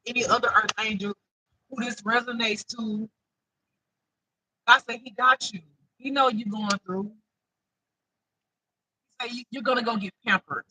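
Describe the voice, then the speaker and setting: A woman giving a casual intuitive spiritual reading, talking emphatically and breaking into loud, laughing outbursts. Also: fairly high pitch, low-quality recording.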